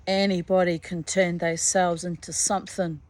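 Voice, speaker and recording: A woman's voice: on the low side, little pitch movement, moderate pace, darkish tone, a little hiss or hum, natural voice. A woman voicing a wily young country man who tries to trick a monster in a storybook reading, in a folksy, sly way.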